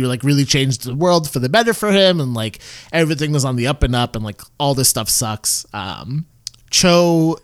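A man's voice: medium pitch, clear, resonant tone. A man co-hosting a podcast, recapping a TV episode in rambling, filler-heavy casual chat. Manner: rambling, many fillers and restarts. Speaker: podcast co-host.

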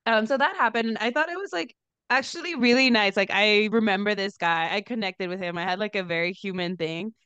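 A young woman co-hosting a podcast, telling a story in a chatty, animated way with lots of fillers. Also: brisk, clear, resonant tone, no echo, dull audio. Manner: animated storyteller, lots of "like", laughs into high pitch. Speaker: podcast co-host, dancer. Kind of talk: casual chat, storytelling.

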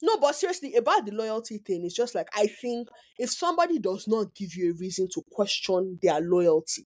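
A Nigerian woman co-hosting a podcast in casual chat, animated and teasing as she scolds her friend. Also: medium pitch, a little fast. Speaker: podcast co-host.

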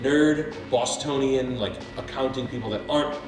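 A man in his thirties co-hosting a podcast, telling stories in a casual chat, animated and profane, often acting out salesmen. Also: mid-range voice, normal speed. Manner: animated storyteller, lots of swearing, acts out salesmen. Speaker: podcast co-host. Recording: echoey room, mic at a distance, faint music.

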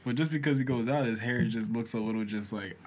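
Teasing young man, quick to laugh. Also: medium pitch, very noisy. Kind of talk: casual chat.

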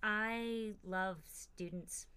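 Woman, forties, teacher, casual podcast chat, bright crisp tone, hesitant, lots of fillers. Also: mid-range voice, steady tone, drawn-out words. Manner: chatty, hesitant, with many fillers.

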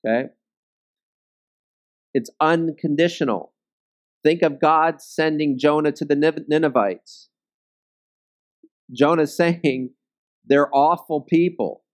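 A man's voice: fairly high pitch, takes it slowly, long pauses. A man leading a Bible study, teaching in a conversational way and often checking in with his listeners.

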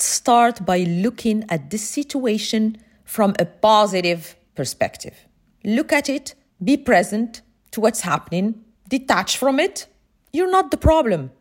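A woman, a former pharmacist, giving a motivational talk with expressive, emphatic storytelling. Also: mid-range voice.

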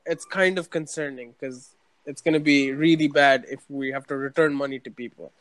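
A young man in casual chat, telling an animated story about his university days and acting out the quotes. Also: mid-range voice, normal speed, no echo.

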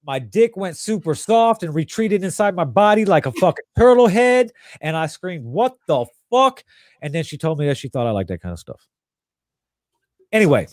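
A young man telling a crude story in casual podcast chat, rambling and animated. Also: fairly high pitch, moderate pace, no echo, clean studio sound.

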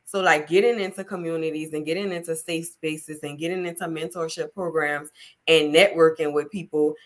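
A woman hosting a casual podcast conversation, her voice sitting a bit low. She talks in an emphatic, chatty, motivational way, leaning into her points. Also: fairly even intonation, moderate pace. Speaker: podcast host.

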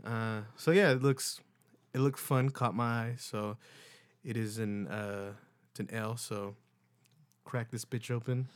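A young man from California co-hosting a podcast, chatting in a relaxed, rambling way with casual swearing. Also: lowish voice, a little slow, no room sound. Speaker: podcast co-host. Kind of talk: casual chat.

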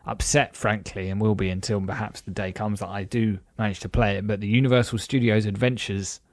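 A man's voice: on the low side, steady tone, a little fast, no room sound. A man co-hosting a podcast in casual chat, rambling and upbeat with many fillers. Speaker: podcast co-host.

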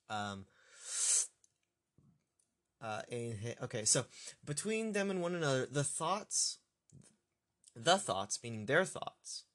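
A man working through a scripture passage aloud as a teacher, thinking out loud, halting and correcting himself. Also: medium pitch. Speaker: Bible study teacher.

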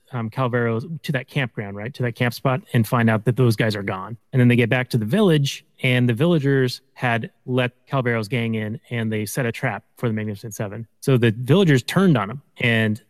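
A man's voice: medium pitch, normal speed, hardly any pauses, dry recording, big-room sound. A man co-hosting a casual podcast, chatting about a film and retelling its scenes. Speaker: podcast co-host. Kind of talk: casual movie review chat.

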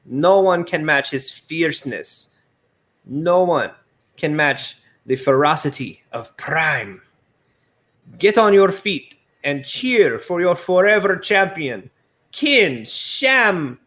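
A man's voice: a little high, very animated, fairly bright tone, pitched above the performer's own voice, full character voice. A man putting on a haughty woman manager. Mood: boastful. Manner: grand, drawn-out announcing. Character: haughty female wrestling manager hyping her champion.

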